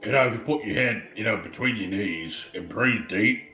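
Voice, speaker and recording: A man's voice: on the low side, normal speed, bright, forceful tone, faint music behind. A man playing a tabletop game, joking in an offhand way. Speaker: player. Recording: echoey room mic.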